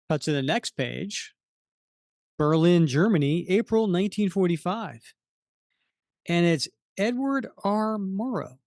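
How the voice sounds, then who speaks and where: A man co-hosting a comic book chat, describing the pages in a drawn-out, unhurried way and padding his sentences with fillers. His voice sits fairly high for a man and sounds dry and close, with no room around it. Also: animated, darkish tone, no room sound. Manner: unhurried, walks through panels with many fillers. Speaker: podcast co-host. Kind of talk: casual comic book discussion.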